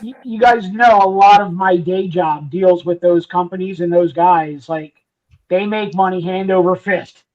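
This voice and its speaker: A man's voice: high voice, a little slow. Guy on a sports podcast, emphatic, muffled lo-fi sound. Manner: emphatic, leans on "I mean". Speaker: podcast co-host. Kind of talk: casual sports chat. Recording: dull lo-fi audio.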